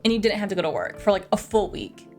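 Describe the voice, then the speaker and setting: A man's voice: high-pitched, sing-song, quick pace, darkish tone, soft background music. A woman quoting an eager, immature rich young man in an offhand, casual way. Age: young adult.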